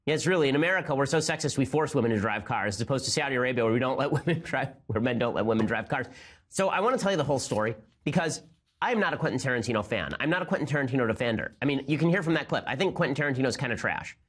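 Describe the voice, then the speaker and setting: A man in his thirties hosting a political commentary show, talking fast with sarcasm and disbelief. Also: mid-range voice, expressive, fairly bright tone. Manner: rapid, incredulous, sarcastic. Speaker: host.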